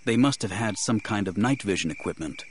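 A man giving measured, grave first-person audiobook narration. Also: lowish voice, lively intonation, a little hiss or hum.

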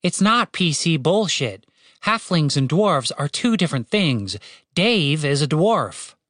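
A man's voice: fairly high pitch, sing-song, a little slow, a bit bright, no echo, clean studio sound. A man voicing a patient, earnest halfling man who speaks in a matter-of-fact way in an audiobook. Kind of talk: audiobook character voice.

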